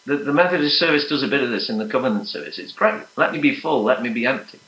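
Guy preaching a sermon, bright forceful voice, echoey church room. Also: medium pitch, animated, fast talker. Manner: earnest, rising to emphatic peaks then dropping to soft prayer.

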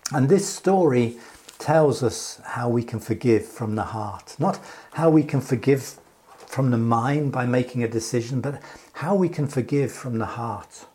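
Mellow-voiced man preaching unhurriedly. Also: mid-range voice. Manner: measured, unhurried, with pauses and restarts. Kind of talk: sermon with scripture reading.

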